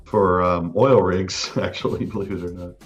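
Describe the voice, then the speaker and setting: A man co-hosting a casual podcast chat, laid-back and quick with short agreements. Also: sits low, steady tone, highs cut off, soft background music. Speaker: podcast co-host.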